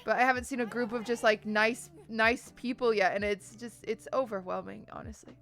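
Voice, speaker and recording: A woman's voice: fairly high pitch, fairly even intonation, brisk, fairly bright tone. A woman live streamer chatting casually to her viewers. She is overwhelmed and teary, sighing and laughing as she thanks them. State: teary and shaky from crying.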